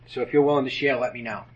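A man's voice: mid-range voice, highs cut off. A man leading a men's group meeting in a room with tables, talking in a folksy, joking way with many fillers. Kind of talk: casual meeting address.

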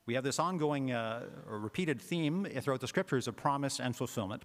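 A man's voice: medium pitch, expressive, moderate pace, hardly any pauses. A man, a parish priest, giving a conversational homily with frequent filler words. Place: church. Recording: long church reverb.

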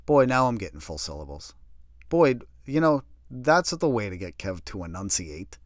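Animated sardonic man telling his story. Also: on the low side, normal speed, no echo, studio quality. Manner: animated, sardonic, acts out other people's lines. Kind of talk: personal storytelling.

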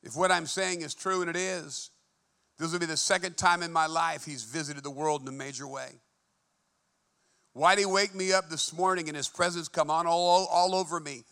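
A man preaching a fervent sermon in a church, moving between hushed and emphatic delivery. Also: fairly high pitch, fairly even intonation, moderate pace, gravelly, smooth. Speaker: pastor.

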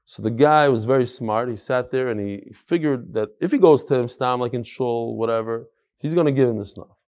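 A man teaching a Talmud class, telling stories in a lively way and repeating phrases for emphasis. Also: mid-range voice, moderate pace. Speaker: Torah teacher.

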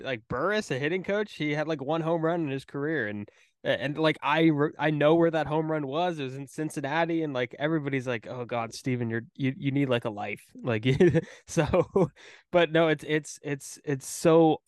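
A man's voice: a little high, no room sound, clean studio sound. A man hosting a podcast, chatting eagerly and poking fun at himself. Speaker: podcast host. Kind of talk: casual podcast chat.

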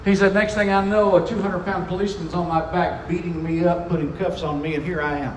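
A man preaching a sermon, telling a story with animated, acted-out quotes that build in intensity. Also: high voice, brisk. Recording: echoey hall.

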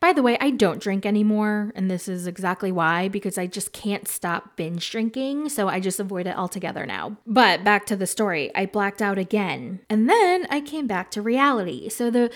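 A woman hosting a podcast, telling candid stories in casual chat with animated, frank delivery and free swearing. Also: mid-range voice, normal speed, hardly any pauses. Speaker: podcast host.

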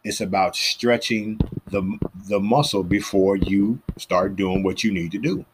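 A man's voice: on the low side, unhurried, background noise. A man hosting a podcast, giving fitness advice in a casual storytelling monologue and acting out the people he quotes. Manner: animated, acts out the people he quotes.

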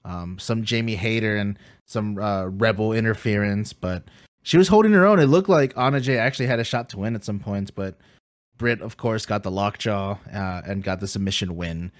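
A man with a somewhat low voice recaps matches on a podcast, filling pauses with plenty of uhs and ums. He laughs easily, and his voice comes across close and dry, with no room sound. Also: no echo. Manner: laughs easily, many fillers. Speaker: podcast co-host.

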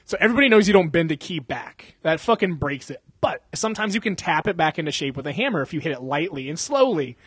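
A man's voice: a little high, lively intonation, quick pace, hardly any pauses, breathy edge, dry recording. Rambling, profane young man telling a story. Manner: rambling, profane, full of fillers and sound effects. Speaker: podcast host telling a story. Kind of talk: casual storytelling.

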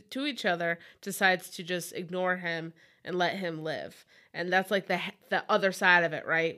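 A woman with a slightly low voice discusses war films on a podcast. She talks in a loose, chatty way, full of fillers and wry asides. Her delivery is conversational and unhurried. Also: bright, forceful tone. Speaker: podcast co-host. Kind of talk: casual movie discussion.

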